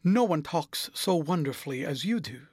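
A man's voice: on the high side, animated, normal speed, slightly rough, dry recording, clean studio sound. A man voicing an eager, admiring young man who speaks earnestly and pleadingly.

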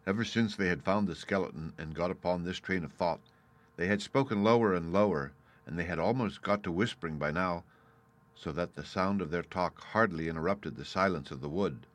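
A man reading a story aloud in steady, measured scripted narration. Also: sits low. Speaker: audiobook narrator.

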